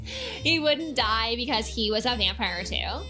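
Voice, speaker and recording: High, bright woman giggling through a reading. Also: unhurried, faint music behind. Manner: giggly, mock-dramatic, asides and swearing. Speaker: reader. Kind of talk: comedic dramatic reading.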